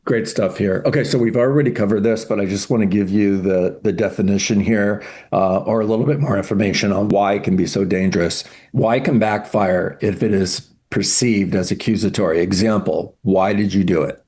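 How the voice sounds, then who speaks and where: Male sales coach, low husky voice, mellow tone, instructive delivery. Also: steady tone, fairly quick, hardly any pauses. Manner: instructive, reads from notes. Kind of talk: coaching session talk.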